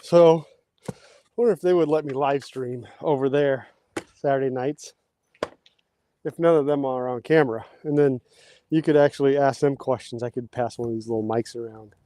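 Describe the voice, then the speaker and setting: Out digging post holes, a man runs a casual livestream, chatting with viewers, reading their comments, and now and then getting winded. He has a warm, medium-pitched, steady voice at a moderate pace, with a little hiss or hum in the audio.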